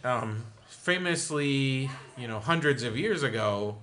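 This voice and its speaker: A man's voice: mid-range voice, expressive, takes it slowly, a bit bright. A man co-hosting a podcast in a casual, joking chat. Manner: joking, playful, wanders into silly asides. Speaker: podcast co-host.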